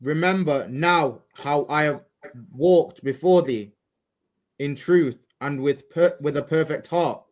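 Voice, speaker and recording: A man reading King James scripture aloud in a measured, steady way during a Bible class. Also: fairly high pitch, poor audio. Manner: measured, steady reading of old-style verse. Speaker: scripture reader.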